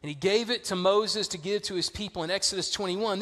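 A man with a Southern US accent preaching a sermon, telling stories in a casual, lively way. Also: high voice, brisk, long reverb tail. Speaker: pastor.

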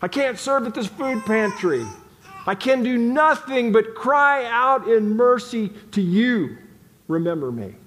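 A preacher acting out a dying male thief begging for mercy, pleading with a rising pitch. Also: very animated, unhurried, fairly bright tone, exaggerated voice. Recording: long hall reverb.

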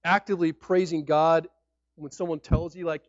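A man preaching a sermon in an animated, conversational way, sometimes acting out people's reactions. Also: fairly high pitch, normal speed, dry recording. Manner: animated, acts out shouting fans and mock-formal speech. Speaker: pastor. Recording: dry, dull lo-fi sound.

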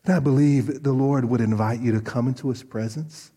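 A man pastor preaching a sermon, animated and storytelling, often restarting his sentences. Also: medium pitch, brisk, few pauses, husky. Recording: long reverb of a large hall.

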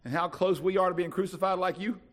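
A pastor from North Carolina, preaching a sermon with dramatic swings from soft to loud. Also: male voice, high voice, fairly even intonation, fast talker.

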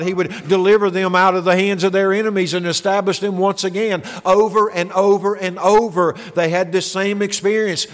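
A man preaching a sermon in an earnest, emphatic way, building into exclaimed rhetorical questions. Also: high-pitched. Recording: long hall reverb.

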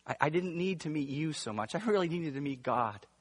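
A male pastor preaching a sermon, moving between hushed, intimate stretches and emphatic, raised passages. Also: fairly high pitch, expressive, fairly quick, slightly rough. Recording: long reverb of a large room.

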